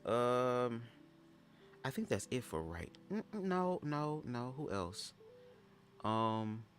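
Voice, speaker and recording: A man's voice: mid-range voice, big pitch swings, slow, faint music behind. A young man giving sassy, chatty commentary on a livestream, often calling listeners "girl". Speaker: livestream host reading a book aloud.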